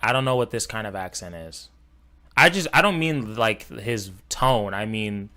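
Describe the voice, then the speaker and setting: A man's voice: on the low side, animated, measured pace, pushed and bright. A man from Los Angeles reacting to videos on stream, blunt and mocking, swearing freely. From Los Angeles, USA. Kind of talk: casual reaction commentary.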